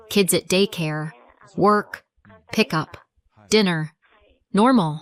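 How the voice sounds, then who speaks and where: A woman reading a scripted first-person family drama as the storyteller. Her voice sits a little low for a woman and moves in a measured, dramatic way. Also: clear, resonant tone.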